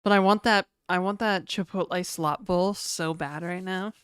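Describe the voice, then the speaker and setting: A woman's voice: on the low side, steady tone, moderate pace, fairly bright tone, clear, resonant tone, no room sound, clean studio sound. A woman streaming live, chatting casually and rambling while reading out chat messages.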